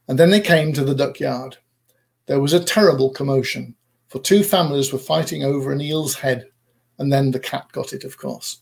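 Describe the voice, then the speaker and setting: A man reading a storybook aloud in a measured, expressive narrating manner. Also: medium pitch, creaky.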